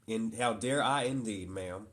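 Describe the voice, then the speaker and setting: A man's voice: on the low side, a little slow, fairly bright tone. Playful, teasing father chatting on a live stream. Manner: talks to his viewers as "y'all". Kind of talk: casual live-stream chat.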